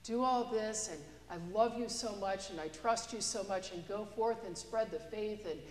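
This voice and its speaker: A woman pastor's sermon, recorded in a church with long, echoing reverb and a little hiss or hum, comes through in a mid-range, darkish voice at normal speed. She tells a story conversationally and works in a joke.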